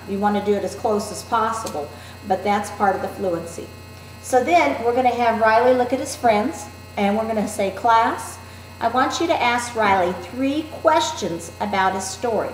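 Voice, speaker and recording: A woman's voice: a little high, a little hiss or hum. Woman teacher explaining in a roomy space. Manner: clear, deliberate, instructive. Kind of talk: demonstrating a classroom activity. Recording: roomy echo.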